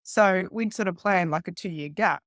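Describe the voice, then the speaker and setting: A woman's voice: on the low side, moderate pace, dry recording, studio quality. An Australian woman in her thirties, a podcast guest telling a candid personal story in a chatty way and acting out the people she quotes. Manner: chatty, laughs often, acts out quoted voices. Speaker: podcast guest, police detective.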